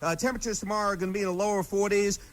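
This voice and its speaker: A man's voice: high voice, fairly even intonation, racing. A man giving the morning weather forecast on the radio in a playful, teasing manner. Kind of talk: jokey on-air weather forecast.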